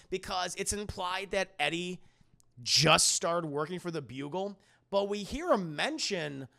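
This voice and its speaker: A man casually reviewing a film for his live-stream chat, retelling scenes in an animated, swearing, joking way. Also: a little high, creaky.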